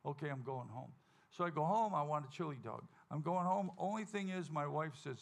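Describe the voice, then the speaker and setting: A man hosting a live country music show, telling a folksy, animated story to the audience and acting out the quotes. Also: on the high side, a little fast, creaky. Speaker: stage host and singer at a country music show. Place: live music venue stage.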